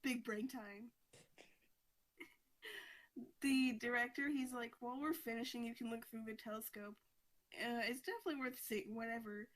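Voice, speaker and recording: A woman's voice: on the high side, fairly even intonation, brisk, fairly bright tone, rough recording. A woman podcast host casually recapping a comic story, chatty and full of "like". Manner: chatty, fillers of "like", frequent laughter.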